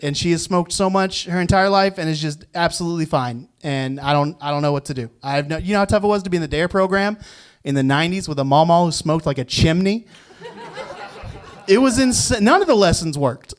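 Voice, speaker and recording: A man with a drawl tells stand-up stories from a club stage into a handheld mic. His voice sits a little high, and he slips into the people he quotes and chuckles at his own jokes between lines. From Virginia, US South. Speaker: stand-up comedian. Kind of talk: stand-up comedy set. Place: comedy club stage before a live audience.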